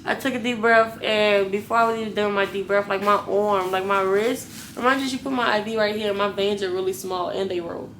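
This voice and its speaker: A woman's voice: medium pitch, brisk, few pauses, a little hiss or hum. A young woman vlogger casually telling her viewers a story, blunt and full of swearing. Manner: profane, blunt, animated retelling.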